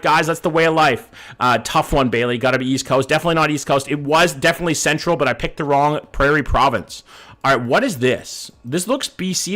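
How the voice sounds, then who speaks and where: A man's voice: fairly high pitch, fairly bright tone. A man streaming a game live, thinking aloud in a casual way, swearing now and then and greeting his chat by name.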